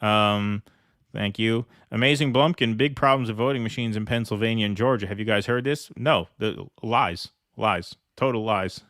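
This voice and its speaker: A man's voice: on the low side, moderate pace, fairly bright tone, no room sound, studio quality. A man hosting a live political stream, chatting casually, joking, and reading viewer comments aloud.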